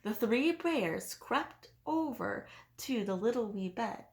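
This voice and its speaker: Expressive woman teacher reading a story. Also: fairly high pitch, takes it slowly, roomy sound. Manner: expressive, sing-song storytelling. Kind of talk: children's story read-aloud.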